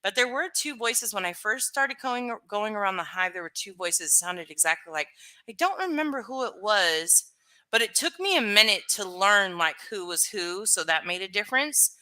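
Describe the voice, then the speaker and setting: Chatty woman with a bright voice. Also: mid-range voice, animated, moderate pace. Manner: chatty, lots of fillers, answers comments aloud. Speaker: live stream host. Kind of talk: casual chat reading viewer comments.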